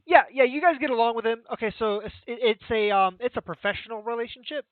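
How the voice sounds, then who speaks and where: A man running a tabletop game as game master, explaining in a relaxed, rambling way with many fillers. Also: very high voice, quick pace, no echo. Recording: tinny dry phone-like line.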